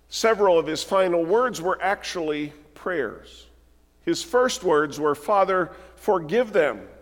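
Male pastor, somewhat high voice, measured sermon delivery, long church reverb. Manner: measured, deliberate reading with slowed emphasis. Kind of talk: sermon with scripture reading. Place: large church sanctuary.

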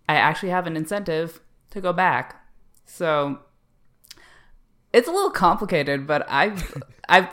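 Cohost, mid-pitched voice, thoughtful, lots of um and like. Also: pushed and bright. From Canada. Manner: thoughtful, hesitant, many fillers. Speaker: podcast co-host. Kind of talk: casual chat.

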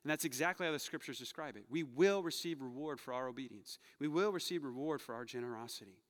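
Um jovem pastor pregando um sermão, contando histórias com humor e exortando a congregação com ênfase crescente. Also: male voice, medium pitch, fast. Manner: storytelling, joking, rising to loud urging. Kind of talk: sermon. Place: church sanctuary. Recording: long hall reverb.

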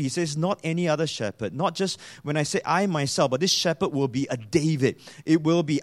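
Male preacher, slightly high pitch, reads and quotes scripture, asks rhetorical questions. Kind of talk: sermon.

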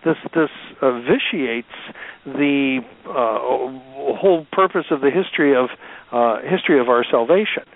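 A man serving as priest and co-host, speaking in a halting, indignant way with frequent restarts. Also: medium pitch, creaky. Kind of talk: conversational religious commentary. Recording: tinny phone-like sound.

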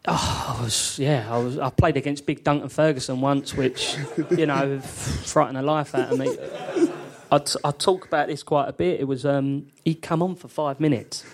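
A man's voice: mid-range voice, steady tone, normal speed. A man, a former footballer, telling anecdotes with lots of laughter on a live podcast in a theatre studio.

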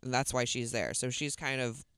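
A man co-hosting a casual movie podcast, recapping the plot in a relaxed way with short dry remarks. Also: medium pitch, moderate pace, smooth, no echo. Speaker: podcast co-host. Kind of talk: casual movie-review chat.

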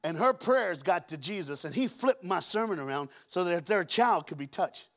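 A man's voice: high voice, expressive, moderate pace. A man preaching a sermon in a church, storytelling with humor and acting out voices from the Bible. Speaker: guest preacher. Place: church auditorium.

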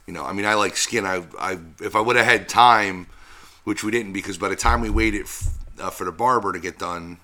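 A man's voice: lowish voice, brisk, pushed and bright. A man co-hosting a podcast, telling stories in a laid-back way and swearing often. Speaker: podcast co-host. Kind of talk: casual chat.

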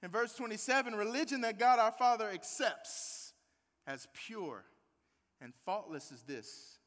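A man preaching with animated emphasis, firing rhetorical questions at his congregation. His voice sits very high and rings bright and forceful. It carries a long reverb from a church hall. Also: a little slow. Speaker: pastor. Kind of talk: sermon.

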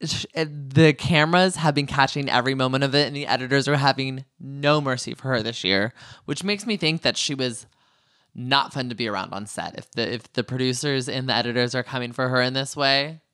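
A man's voice: mid-range voice, fairly quick, a bit bright, clean tone, no echo, studio quality. A man co-hosting a casual chat, telling the story with lots of acted-out quotes. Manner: chatty, storytelling with quoted voices. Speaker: podcast co-host. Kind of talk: casual chat recapping a reality show.

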